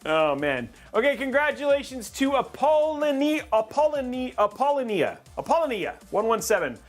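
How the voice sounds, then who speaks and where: A man's voice: very high-pitched, very animated, moderate pace, faint music behind. A man hosting a casual livestream, jokey and upbeat, rambling with plenty of fillers. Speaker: livestream host.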